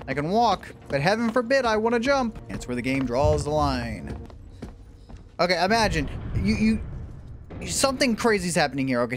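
A man commentating his gameplay, joking, swearing and yelling in bursts, then muttering low. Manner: loud, profane, jokey, swings between shouting and mutters. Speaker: gaming streamer. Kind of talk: let's play commentary.

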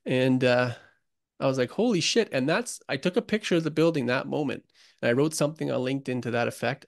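Earnest gravelly man telling stories. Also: mid-range voice, no echo, studio quality. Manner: earnest, emotional storyteller, calls the host buddy. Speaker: guest, construction author. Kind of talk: casual podcast interview.

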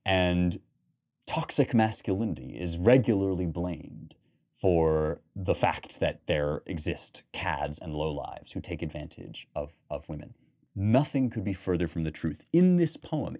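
A young man with a low, dark, mellow voice hosts a literature podcast. He reads verse aloud and then breaks off into animated, emphatic commentary, full of restarts and fillers. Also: unhurried. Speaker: podcast host reading and discussing poetry. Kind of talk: lecture-style commentary with read passages.

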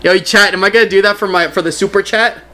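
A young man streaming a game, chatting casually with his viewers in an excitable, giggly way. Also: sits high, fast. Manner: excitable, giggly, talks to chat. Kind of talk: casual live-stream chat.

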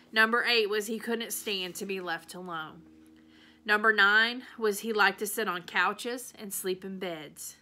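A woman reading a children's novel aloud in a steady, even storytelling manner. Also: medium pitch. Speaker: reader.

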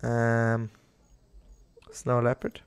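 A man's voice: medium pitch, completely flat delivery, drawn-out words, smooth, dry recording. A young man giving casual, rambling commentary over a game, talking to the animals on screen and getting exasperated with them. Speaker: gaming YouTuber.

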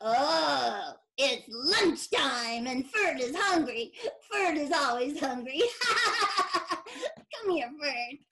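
Woman puppeteer teacher for young kids: very high, unhurried, gentle and sing-song. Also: lively intonation. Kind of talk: puppet storytelling for children. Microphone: video call.

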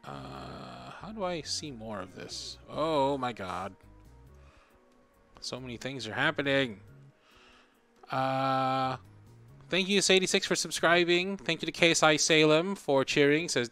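A man's voice: mid-range voice, lively intonation, a little slow, sharp tone, clear, resonant tone, faint music behind. A man casually commenting while he streams a video game, playful and thanking viewers.

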